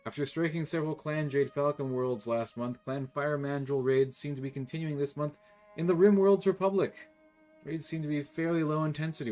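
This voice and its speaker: Excitable young man narrating his gameplay. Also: medium pitch. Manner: excitable, swears, reacts loudly. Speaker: gameplay commentator. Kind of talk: casual let's-play commentary, reading game text aloud.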